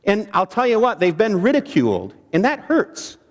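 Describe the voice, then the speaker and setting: Lively high-voiced male seminar presenter. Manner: animated, questioning the audience, dramatic pauses. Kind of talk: training seminar talk to an audience. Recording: long hall reverb.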